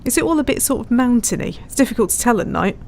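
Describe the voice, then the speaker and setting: Woman streamer, chatty and giggly, reading chat out loud. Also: fairly high pitch, expressive, quick pace, a little hiss or hum. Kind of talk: casual live-stream commentary.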